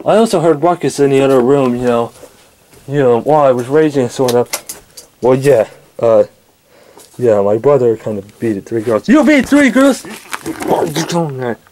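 A man acting out a home-made toy skit, bickering with himself in several voices, jumping between shouted yelps and low grumbles. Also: normal speed, a little hiss or hum.

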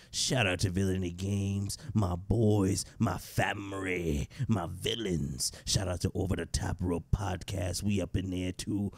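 A man hosting a gaming channel, opening a gameplay video in a loud, hype, slangy way. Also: on the low side, dry recording. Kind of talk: hyped gameplay intro.

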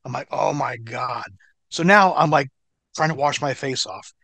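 A middle-aged American man, a former wrestler, telling an animated, profane story as an interview guest. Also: a little high, moderate pace, no echo.

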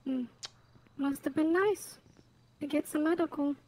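A woman's voice: sits high, measured pace, a little mellow. A woman talking bluntly and sassily in character in a roleplay game. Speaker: fellow roleplay player.

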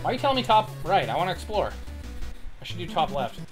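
Talking fast in a high voice with big pitch swings, a man plays a retro game on stream as its music runs in the background. He's relaxed and joking, swears freely, greets viewers, and reads out their messages.

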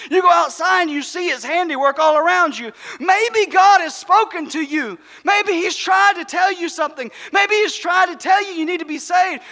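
Fervent shouting preacher man, bright, reverberant. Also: very high voice. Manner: fervent, emphatic, repeats phrases. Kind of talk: shouted revival sermon. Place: church sanctuary.

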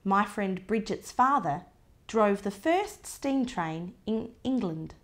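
Lady reading a kids picture book out loud, slow and gentle, lots of pitch swoops. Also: expressive. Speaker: storybook reader.

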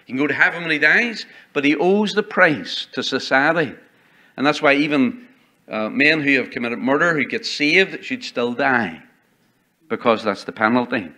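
Forceful preaching man, bright voice. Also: on the high side. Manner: emphatic preaching, quotes old-style scripture. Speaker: pastor. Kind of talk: sermon. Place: church sanctuary.

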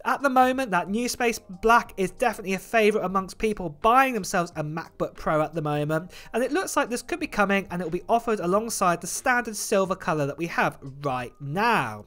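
A woman hosting a tech channel, giving an upbeat scripted roundup of product rumors and release dates. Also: mid-range voice. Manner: lively, upbeat presenting with frequent "of course" and "guys".

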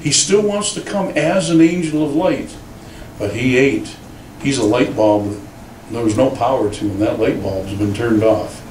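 A man, a pastor, preaching a sermon in an animated, storytelling way in a church. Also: medium pitch, measured pace, a little hiss or hum. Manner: animated storytelling with acted quotes. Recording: roomy church sound from a distant mic.

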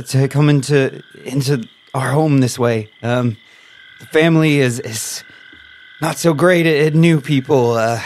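A man voicing a gentle, reassuring young captive who stammers as he comforts others in a tabletop horror game. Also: medium pitch, a little hiss or hum, voice pushed up, natural voice. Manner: soothing, stammering, hesitant.

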